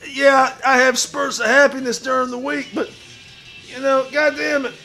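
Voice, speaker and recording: A man playing a crude, boastful washed-up pro wrestler who talks about himself in the third person and shouts his lines. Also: very high-pitched, level tone, moderate pace, faint music behind, heavily acted. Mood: swaggering bravado. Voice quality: gravelly, shouty bravado. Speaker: streamer in character. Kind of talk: improvised comedy stream.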